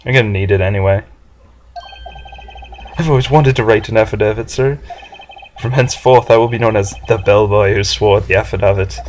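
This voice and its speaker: A man voicing a jittery, rude young male bellboy who talks in a hurried, snippy way. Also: on the low side, darkish tone, a little hiss or hum, close to an everyday voice. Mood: impatient.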